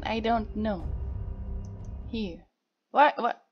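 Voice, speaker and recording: A woman who is not a native English speaker, giving excitable let's-play commentary that swings into squeals and swearing. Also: fairly high pitch, unhurried, creaky, dull audio. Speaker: gaming YouTuber.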